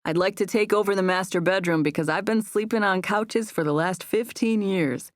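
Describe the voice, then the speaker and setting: A woman's voice: medium pitch, normal speed, no echo, lightly acted. A woman voicing a laid-back young man who teases in a dry, matter-of-fact way. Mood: playful.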